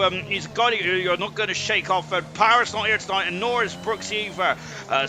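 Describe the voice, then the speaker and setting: A British man commentating a sim racing league live, rambling with lots of fillers and joking about himself. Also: sits high. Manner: rambling, filler-heavy, self-deprecating banter. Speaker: esports race commentator.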